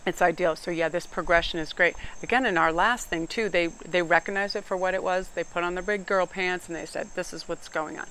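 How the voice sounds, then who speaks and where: A middle-aged woman, giving a casual, animated tarot reading outdoors and sometimes getting loud and emphatic. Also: on the low side, fairly quick, few pauses, smooth. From New England. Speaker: tarot reader.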